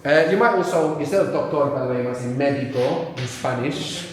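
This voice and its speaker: Speaking a little fast in a mid-range voice, a male language instructor works through a live workshop, patiently drilling learners and repeating their words. The room, full of audience, echoes heavily.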